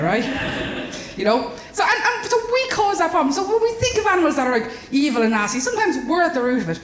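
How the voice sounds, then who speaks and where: An Irish woman doing stand-up comedy on a club stage, animated, exaggerated and sweary. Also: very high-pitched, fast, slight background noise. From Ireland. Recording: roomy live venue.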